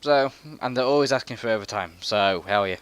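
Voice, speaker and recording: A man's voice: on the low side, brisk, a bit bright, smooth, no echo. A young man co-hosting a casual gaming podcast, laid-back and swearing freely as he chats. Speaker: podcast co-host. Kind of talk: casual chat.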